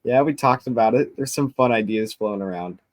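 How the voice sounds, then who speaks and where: A man's voice: mid-range voice, a little fast. A young man being interviewed, answering briefly with laughs and self-deprecating jokes. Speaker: sponsored disc golf player. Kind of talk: casual interview chat.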